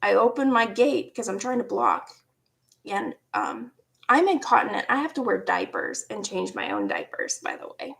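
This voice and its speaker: A woman around forty casually telling a personal story, animated, laughing often and dropping into hushed asides. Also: medium pitch, moderate pace, vocal fry. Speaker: vlogger.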